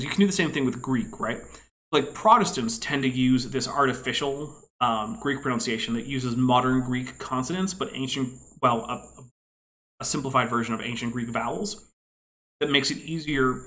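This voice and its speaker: A man's voice: medium pitch, a bit bright, rough recording. A man commenting casually on clips, explaining things at length in an analytical way with frequent asides. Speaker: podcast co-host.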